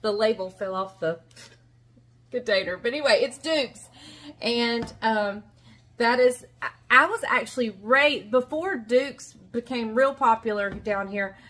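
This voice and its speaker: A woman's voice: a little high, a little slow, a bit bright. A middle-aged woman with a Southern American accent, telling a rambling, folksy story in a casual kitchen vlog. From Southern United States. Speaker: vlogger. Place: home kitchen.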